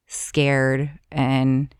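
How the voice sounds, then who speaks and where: A woman's voice: a bass voice, monotone, drawn-out words, smooth, no room sound, studio quality. A woman guest on a podcast, telling a personal story in a chatty way, full of filler words. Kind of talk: casual storytelling.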